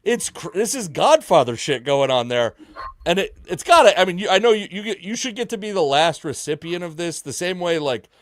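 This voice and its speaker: Host guy getting hyped talking sports, slightly high, dry close audio. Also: big pitch swings, a little fast, dry recording. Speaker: podcast host. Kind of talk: casual chat.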